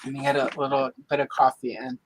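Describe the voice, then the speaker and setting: A woman's voice: very deep voice, little pitch movement, quick pace, a little hiss or hum, rough recording. A woman hosting a live stream, chatting casually and joking at her own expense. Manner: chatty and self-deprecating. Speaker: host.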